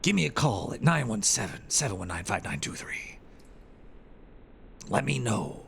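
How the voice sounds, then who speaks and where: A man's voice: fairly low pitch, very animated, moderate pace, vocal fry, fairly bright tone, slight background noise. A man hosting a live show, chatting in a rambling, crude, irreverent way. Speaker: show host. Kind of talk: casual livestream chat.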